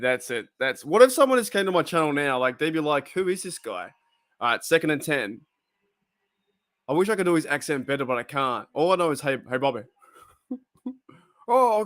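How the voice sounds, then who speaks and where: In a relaxed live-stream chat during a football watch party, a man with an Australian accent rambles giggly and keeps cracking up laughing. He has a medium-pitched, slightly bright voice.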